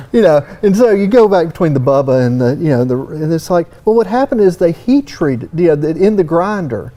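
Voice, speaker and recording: A man's voice: fairly high pitch, very animated, fairly quick, few pauses, dark tone. A man with a Southern US accent talking on a technical panel in a folksy, rambling way full of "you know". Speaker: panel guest, surface-finishing expert. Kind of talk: casual technical panel talk. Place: trade expo stage.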